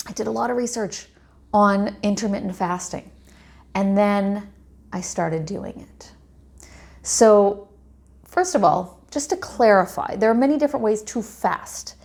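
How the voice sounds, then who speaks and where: A woman's voice: medium pitch, a little mellow. A woman working as a life coach, talking to her viewers without a script in a chatty, rambling way full of asides. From Canada. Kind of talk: unscripted talk to camera.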